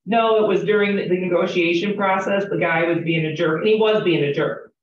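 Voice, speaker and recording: A woman's voice: fairly low pitch, a little fast. A woman teaching real estate agents, chatty and candid, telling stories and asking the class questions. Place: training room with a group. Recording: roomy, distant, dull classroom recording.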